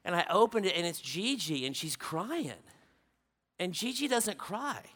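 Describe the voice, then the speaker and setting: A man preaching a sermon as a story, swinging from loud exclaiming to hushed, quiet narration. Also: high voice, big pitch swings, measured pace.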